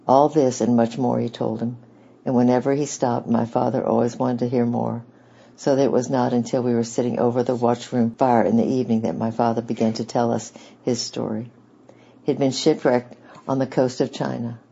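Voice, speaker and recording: Gravelly man reading a storybook. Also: mid-range voice, mellow. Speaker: audiobook reader. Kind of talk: storybook narration. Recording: dull lo-fi recording.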